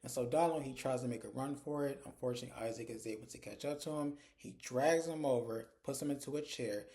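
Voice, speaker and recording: A man's voice: medium pitch, fast, mellow. A young man casually recapping a TV episode as a reviewer, telling it loosely with lots of "like" fillers. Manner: casual, filler-heavy storytelling with frequent "like".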